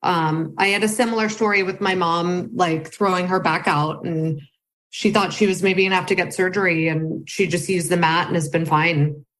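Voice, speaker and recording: A woman's voice: on the low side, normal speed. Woman company founder, interview guest, laid-back conversational delivery. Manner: relaxed, easygoing, with frequent "um" and "like".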